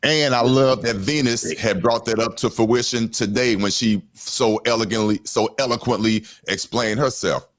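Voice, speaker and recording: A man's voice: mid-range voice, moderate pace, hardly any pauses. A man speaking earnestly and with emphasis as a panelist on a live-stream chat over a video call. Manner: earnest and emphatic, praises others.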